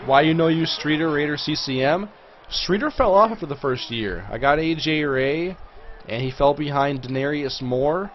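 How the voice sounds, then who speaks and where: A man hosting a livestream, chatting casually through live gameplay commentary and reacting loudly to big plays. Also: on the high side, lively intonation, moderate pace, lo-fi sound, a little hiss or hum. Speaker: livestream host.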